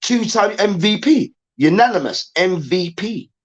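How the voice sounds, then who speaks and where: A man hosting a sports show, ranting in an animated, emphatic way and repeating himself. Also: high-pitched, measured pace, breathy edge, lo-fi sound. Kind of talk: heated sports rant.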